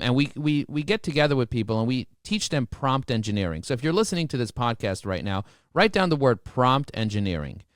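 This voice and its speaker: A man talking as a podcast guest, emphatic and motivational, often repeating words as he rushes ahead. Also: mid-range voice, clean tone, dry recording, studio quality. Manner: repeats words when excited. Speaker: podcast guest, marketing expert. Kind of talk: energetic podcast interview.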